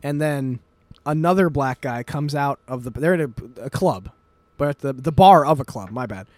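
A man's voice: medium pitch, animated, moderate pace, darkish tone, dry recording. A man hosting a podcast in casual chat, retelling things in a rambling way with many fillers and swearing. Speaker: podcast host.

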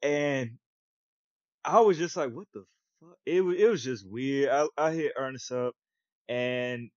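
Young guy on a podcast telling a wild story, slangy, jumps way up in pitch for quotes, dull dry lo-fi sound. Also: unhurried, darkish tone, dry recording. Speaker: podcast co-host. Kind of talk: casual storytelling chat.

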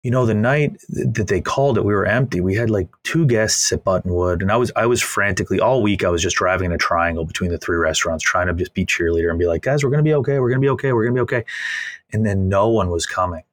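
Deep-voiced guy, dry recording, tells his story casually, does little voices for people he quotes. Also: quick pace, hardly any pauses, no room sound. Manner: animated, acts out quoted voices, many restarts. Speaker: restaurant owner.

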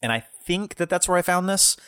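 A man's voice: sits high, fairly quick, smooth, dry recording, clean studio sound. A young man co-hosting a music podcast, telling stories in a rambling, casual way. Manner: animated, rambling storyteller. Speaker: podcast co-host. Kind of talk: casual chat.

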